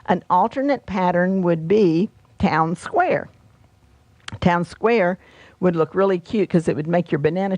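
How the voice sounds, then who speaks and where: A woman's voice: lowish voice, a little mellow, dry recording. A middle-aged woman presenting her quilt patterns and fabrics in a chatty, homey way, with fillers and friendly asides. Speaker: quilt designer and shop host. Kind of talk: casual product walkthrough.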